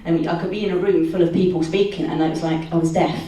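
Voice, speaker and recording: Storyteller, low warm voice, measured, echoey hall from far off. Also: female voice, steady tone. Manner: measured, with hesitations. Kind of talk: live personal storytelling. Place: room at a live storytelling event.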